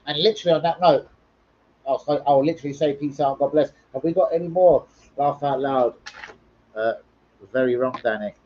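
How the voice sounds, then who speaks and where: A man's voice: on the high side, moderate pace, pauses often, highs cut off. A man hosting a casual football live stream, rambling, swearing freely and bantering with viewers as he reads comments.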